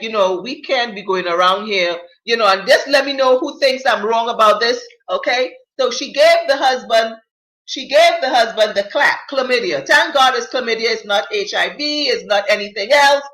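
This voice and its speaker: A woman's voice: on the high side, moderate pace, a bit bright, reverberant, poor audio. A woman hosting a live talk show, reading viewer comments and giving blunt, emphatic opinions in casual slang.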